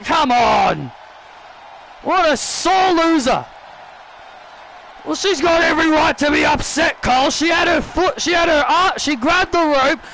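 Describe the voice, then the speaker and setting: High, bright-voiced excited male commentator. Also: measured pace, creaky, pauses often, slight background noise, poor audio. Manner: repeats and restarts phrases, shouts at big moments. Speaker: YouTuber commentating a wrestling video game.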